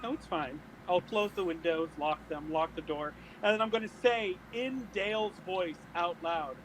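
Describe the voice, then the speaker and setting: Brief: high-pitched male player, bursts into loud shrill in-character shouts, faint noise behind. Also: moderate pace, few pauses, low-quality recording. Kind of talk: playing a tabletop game in character.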